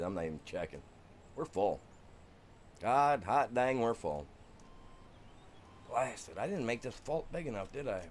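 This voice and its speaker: A middle-aged man from Michigan, live-streaming a farming game and telling a long, animated story in casual, slangy chat. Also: lowish voice, slight background noise.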